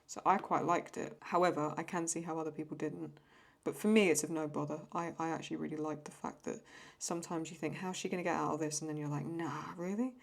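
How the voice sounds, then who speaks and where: A woman's voice: deep voice, steady tone, quick pace, creaky, few pauses. A young English woman chatting casually and rambling while she draws and answers viewer questions. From England. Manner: chatty, rambling, self-talk. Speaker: host. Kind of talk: casual chat while drawing.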